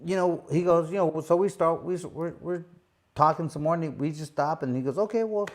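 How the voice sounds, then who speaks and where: A middle-aged man tells a story in a relaxed, chatty way, with a voice pitched a little above most men's. He fills his speech with repeated fillers and slips into lively impressions of the people he quotes. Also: moderate pace. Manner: animated, acts out quoted voices, many fillers. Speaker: host, former boxing champion. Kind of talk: casual storytelling.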